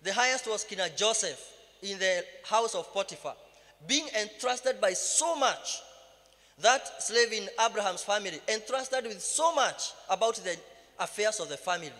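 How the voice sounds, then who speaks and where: A man's high, expressive voice, pushed and bright at normal speed, carries Kenyan-accented Bible teaching in sermon style, switching between English and Swahili and climbing to emphatic cries. The church hall around him is reverberant.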